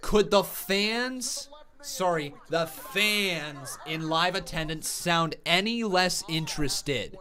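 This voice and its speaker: A man's voice: high voice, animated, slow, bright, forceful tone. A man hosting a live wrestling watch-along stream, calling the action play-by-play, reading chat comments aloud and laughing often.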